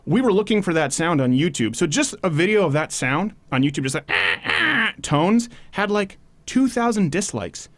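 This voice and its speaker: Fast joking guy hosting a talk show, voice kinda high, dry close sound. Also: dry recording. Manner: animated, quick and joking. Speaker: podcast host. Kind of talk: political talk show debate.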